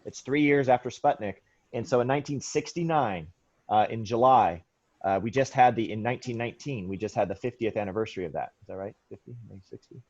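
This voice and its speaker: A man's voice: fairly low pitch, fairly quick, darkish tone, muffled recording. A man teaching a history class, lecturing loosely with many restarts and firing questions at his students. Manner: rambling, self-correcting, quizzes students.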